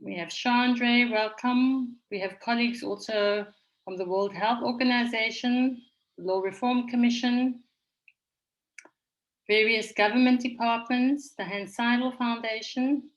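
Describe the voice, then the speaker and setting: A woman moderating an online conference session over a video call, speaking in a measured, orderly way and welcoming participants. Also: on the high side, fairly even intonation, poor audio. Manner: measured, orderly, reads names from the chat.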